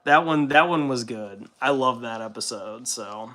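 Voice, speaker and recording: A man's voice: medium pitch, measured pace, bright, forceful tone, a little hiss or hum. A man streaming casually while painting, rambling in a laid-back way and swearing freely.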